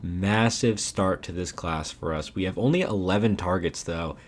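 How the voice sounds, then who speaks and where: Animated young man ranting about his game. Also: sits low, normal speed. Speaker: gaming YouTuber. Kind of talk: casual game commentary.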